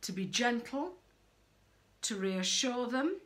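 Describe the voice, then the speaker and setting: A middle-aged woman giving frank, animated parenting advice straight to camera, acting out quoted voices as she goes. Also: fairly high pitch, takes it slowly. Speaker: parenting coach. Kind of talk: direct-to-camera advice talk.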